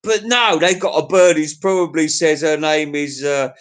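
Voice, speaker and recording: A middle-aged man with an English accent hosts a loose livestream chat, wandering from one thought to the next. He talks crude and chuckles to himself, and his voice sits a touch higher than most men's. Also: fairly even intonation, normal speed, fairly bright tone. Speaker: livestream host. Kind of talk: casual chat to viewers.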